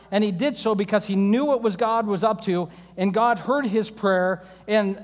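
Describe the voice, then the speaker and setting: A male pastor preaching a sermon, telling stories with wry jokes. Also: sits high. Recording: long hall reverb.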